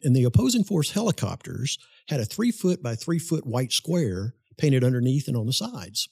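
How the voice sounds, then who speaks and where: Guest, male, husky voice, dry close mic, animated storyteller. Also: medium pitch, moderate pace, no room sound. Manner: animated, laughs through his story. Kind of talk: casual storytelling.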